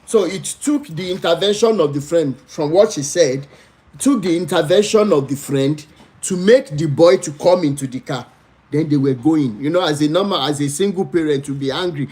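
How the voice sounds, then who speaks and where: Nigerian male host, spoken storytelling with emphatic pleading and lively pitch jumps. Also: normal speed. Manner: pleading, animated storytelling with dramatic pitch swings. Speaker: livestream host. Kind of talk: storytelling to live viewers.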